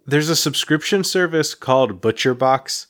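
A man's voice: on the high side, animated, moderate pace, fairly bright tone. A man co-hosting a podcast in casual chat, telling long rambling anecdotes full of "like" and restarts, laughing as he talks. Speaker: podcast co-host.

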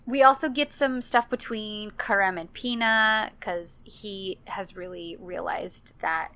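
A woman's voice: mid-range voice, slow pace, bright, forceful tone. A woman co-hosting a casual chat about a TV drama, laughing often as she talks. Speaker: podcast co-host.

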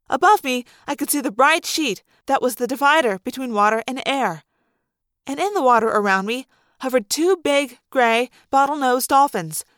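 A woman reading an audiobook aloud in the first person, with expressive, dramatic narration. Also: high-pitched, dry recording. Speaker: audiobook reader.

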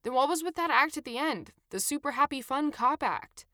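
A woman's voice: high voice, animated, moderate pace, bright, forceful tone, no echo, studio quality, pitched above the performer's own voice. A woman voicing a frustrated young man who fires off incredulous, exasperated questions. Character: frustrated young man, irritable travel companion.

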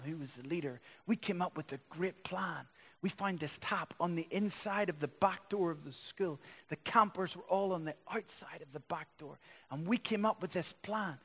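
A man's voice: high-pitched, fairly bright tone, long reverb tail. A man preaching a sermon, telling stories animatedly and building to emphatic lists. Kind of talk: sermon with storytelling.

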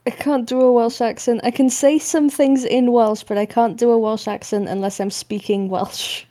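A woman with a Northern English accent, co-hosting a podcast in a relaxed, easygoing chat. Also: a little high, normal speed. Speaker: podcast co-host. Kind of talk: casual chat.

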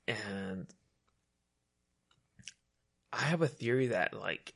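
Young man with a gravelly voice, rambling in slang. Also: fairly low pitch, expressive, drawn-out words. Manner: rambling, slangy, heavy on "like" and "dude". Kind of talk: casual chat.

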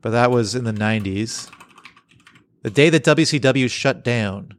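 A man's voice: mid-range voice, measured pace. A man co-hosting a casual podcast, reading comic strips aloud and laughing often. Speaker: podcast co-host. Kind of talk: casual chat.

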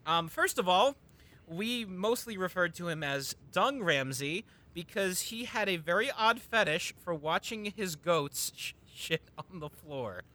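A man's voice: sits high, lively intonation, unhurried, sharp tone. A man telling a long, rambling personal story in a casual chat, full of ums and restarts.

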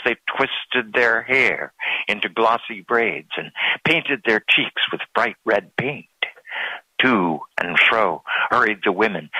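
A man reading a storybook aloud in a slow, deliberate way. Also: lowish voice, pushed and bright, no room sound, rough recording. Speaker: narrator.

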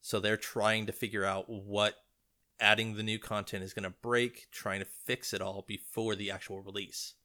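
A man's voice: lowish voice, little pitch movement, normal speed, pushed and bright. A man co-hosting a casual podcast, agreeing and adding his own complaints. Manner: agreeable, chiming in with short backing remarks. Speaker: podcast co-host.

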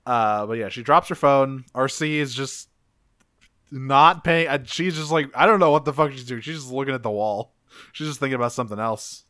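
A man on a podcast recapping a cartoon episode in a loose, profane, animated way. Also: medium pitch, moderate pace, smooth, no room sound, clean studio sound. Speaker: podcast co-host.

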